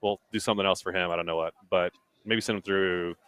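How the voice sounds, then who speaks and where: Emphatic male race commentator, low voice. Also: fairly even intonation, fast talker, a bit bright, clear, resonant tone, no room sound. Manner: emphatic, repetitive, chatty. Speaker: race commentator and podcast host.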